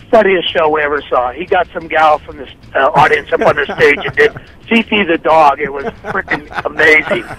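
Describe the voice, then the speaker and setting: A man's voice: a little high, sharp tone, low-quality recording. A man from California calling into a radio show, gushing enthusiastically as he tells a story. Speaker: caller. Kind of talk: call-in radio chat.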